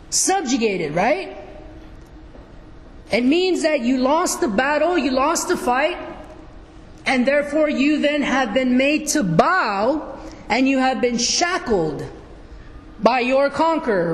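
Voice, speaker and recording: Preacher, male, high-pitched, unhurried, teaching from scripture in a reverberant hall. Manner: slow, questioning the congregation. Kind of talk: sermon. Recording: echoey hall.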